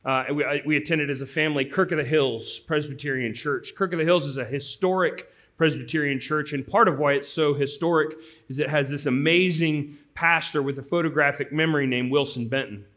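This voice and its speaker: A man's voice: on the high side, fairly quick, hardly any pauses. A man from the US Midwest, a pastor, preaching an earnest sermon and telling stories conversationally. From St. Louis, US Midwest. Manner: earnest, conversational storyteller, swinging from loud to hushed.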